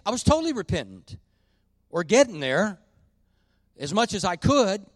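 A middle-aged man preaching a sermon in a church, folksy and confessional, swinging between quiet admissions and loud emphatic points. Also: high-pitched, big pitch swings, moderate pace, no room sound. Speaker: pastor.

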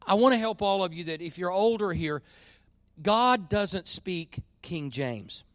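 A middle-aged man preaching a sermon in a church, folksy and confessional, swinging between quiet admissions and loud emphatic points. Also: high voice, expressive, a little slow, no room sound. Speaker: pastor.

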